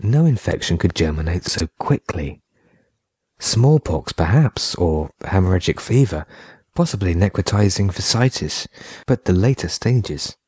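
A man playing a driven adult male explorer who speaks in a hushed, urgent way. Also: deep voice, animated, unhurried, slightly rough, dry recording, studio quality, heavily acted. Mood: clinical.

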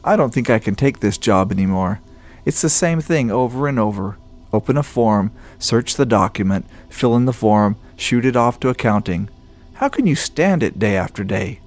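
A man's voice: mid-range voice, animated, moderate pace, soft background music, lightly acted. A man voicing a restless male office worker who complains at length. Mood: exasperated. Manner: complaining, talkative.

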